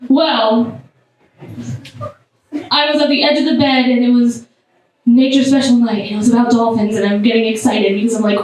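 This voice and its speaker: A woman performing a stand-up comedy set, animated, with sudden high squeals. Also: normal speed, long pauses. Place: comedy club stage. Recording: echoey club sound from far off.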